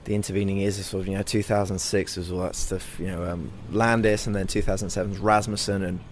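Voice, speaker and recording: A young man, a comedy performer, giving thoughtful, earnest interview answers and growing animated as he recounts. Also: deep voice, fast talker, a little hiss or hum.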